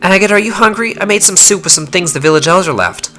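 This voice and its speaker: A man voicing a timid, caring young girl in an anxious, pleading voice pitched well above his own. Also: quick pace, pushed and bright. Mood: worried.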